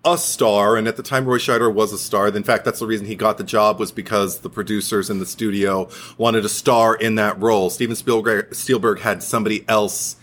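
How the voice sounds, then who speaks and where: A man's voice: on the low side, steady tone, a little fast, few pauses, a bit bright. A man co-hosting a podcast, chatting casually about a film in a rambling way, full of fillers and frequent laughs. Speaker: podcast co-host.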